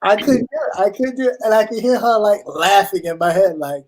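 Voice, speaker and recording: A man co-hosting a casual chat, telling animated stories and acting out his family's voices, swearing freely. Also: sits high, fairly quick, hardly any pauses, rough recording. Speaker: co-host.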